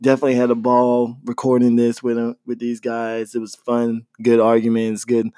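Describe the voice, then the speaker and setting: A man's voice: mid-range voice, monotone, normal speed, dark tone, no echo, clean studio sound. A man hosting a podcast, talking in a laid-back, slangy, casual way. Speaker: podcast host.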